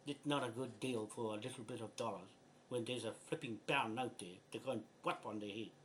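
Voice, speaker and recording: A man's voice: mid-range voice, brisk, a bit bright, slight background noise. An older man with a New Zealand accent, speaking bluntly and with exasperation in a frustrated, swearing video message. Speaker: land rights activist.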